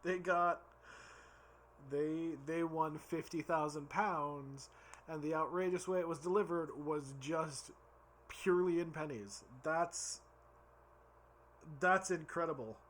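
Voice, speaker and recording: Tipsy guy, bright and slightly high voice, rambling drink reviewer, faint background hiss. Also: slow, long pauses. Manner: rambling, giggly, stumbling over words. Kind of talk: casual tipsy review vlog.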